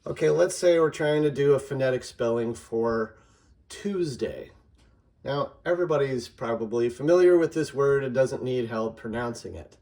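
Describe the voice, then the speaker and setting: A man patiently explaining a method in an instructional lesson, slowing down to sound out example words. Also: mid-range voice, warm tone. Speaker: teacher.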